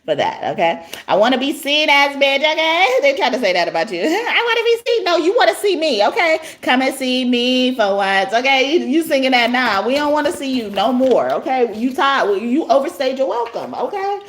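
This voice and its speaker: A woman's voice: high-pitched, animated, moderate pace, few pauses, a bit bright. A woman, hosting a casual livestream reading. She talks in a brash, profane way, laughing often and breaking into song. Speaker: tarot reader on a livestream.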